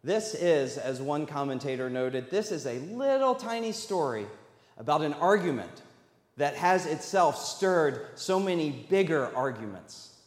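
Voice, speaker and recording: A man's voice: a little high, big pitch swings, measured pace. Man, pastor, conversational sermon, questions to congregation, long reverb. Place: church sanctuary. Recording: echoey hall, long reverb.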